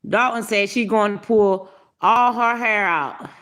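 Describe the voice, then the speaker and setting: A woman's voice: medium pitch, unhurried, a bit bright. A woman hosting a casual livestream, greeting viewers by name and giving brash, profane commentary with lots of laughter.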